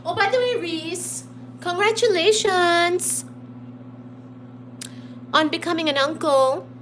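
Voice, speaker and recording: Playful lady on a home livestream, high bouncy voice, baby-talks her cats, roomy echo. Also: slow, fairly bright tone, distant mic. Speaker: livestream host. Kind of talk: casual live-stream chat. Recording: echoey room with background noise.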